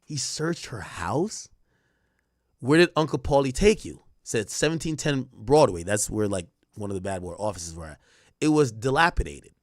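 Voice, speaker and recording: A man's voice: mid-range voice, moderate pace, no room sound, clean studio sound. A man hosting a live stream, reading out court testimony and reacting to it in casual slang. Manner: animated, reads testimony aloud and riffs on it with slang. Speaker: stream host recapping a trial.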